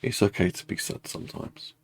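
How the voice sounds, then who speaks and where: A man leading a guided tapping meditation, speaking slow, repetitive first-person affirmations.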